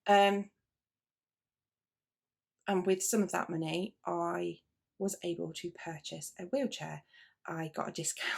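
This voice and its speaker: A woman's voice: on the low side, a little slow, creaky, long pauses. A British woman hosting a knitting video podcast, chatting casually and rambling with frequent asides and restarts. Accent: British English. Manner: chatty and rambling, with frequent self-interruptions and fillers. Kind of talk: casual chat to camera.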